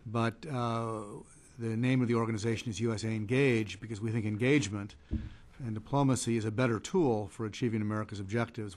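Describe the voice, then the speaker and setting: A man giving conference panel remarks as a trade policy advocate, measured and hesitant with many fillers and restarts. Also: on the low side, a little mellow.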